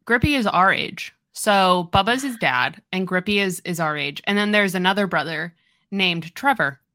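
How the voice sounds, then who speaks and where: A young woman co-hosting a casual book podcast, her bright voice swinging widely in pitch. She talks in a playful, slangy way. The sound is dry and close, with no room echo. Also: animated, moderate pace. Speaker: podcast co-host. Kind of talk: casual book-club chat.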